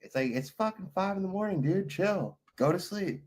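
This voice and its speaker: A man's voice: high voice, lively intonation, normal speed, darkish tone. A tired man streaming live, chatting loosely with his viewers and telling rambling, profane stories. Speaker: livestreamer reading chat. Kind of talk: casual rambling chat.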